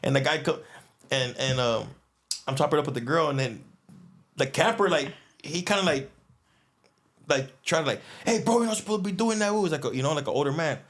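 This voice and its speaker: Guest storyteller, male, mid pitch, loose slangy delivery with lots of fillers. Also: brisk, long pauses. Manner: animated, acts out others' lines, slangy, frequent restarts and fillers. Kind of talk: casual storytelling.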